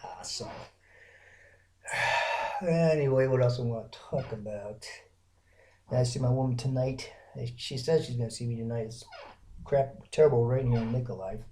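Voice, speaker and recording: A man's voice: mid-range voice, moderate pace, pauses often, a little mellow, slight background noise. A man from Alabama, rambling through a casual solo vlog with lots of fillers and restarts. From Alabama, American South. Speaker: vlogger.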